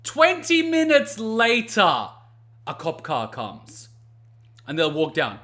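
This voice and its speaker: A man's voice: a little high, takes it slowly. A man hosting a let's play, telling stories and ranting in casual commentary, swearing freely. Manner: animated, ranting storyteller who swears freely. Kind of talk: casual commentary over gameplay.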